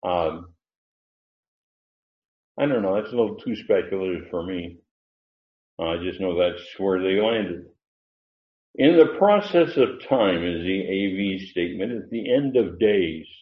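Low-voiced preacher teaching scripture. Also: male voice. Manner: unhurried, digressive, many fillers. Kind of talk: sermon, verse-by-verse Bible teaching. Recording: roomy, muffled.

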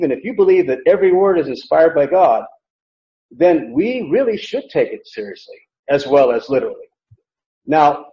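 Brief: male preacher, slightly high pitch, emphatic teaching tone, lo-fi echoey church recording. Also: mellow. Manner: emphatic, rhetorical questions to the congregation. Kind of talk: sermon teaching.

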